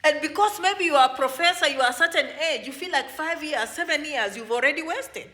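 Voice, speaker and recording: A woman's voice: sits high, a little fast, sharp tone. A woman giving a motivational advice talk to her viewers, lecturing them directly and peppering it with rhetorical questions. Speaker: advice vlogger for immigrants.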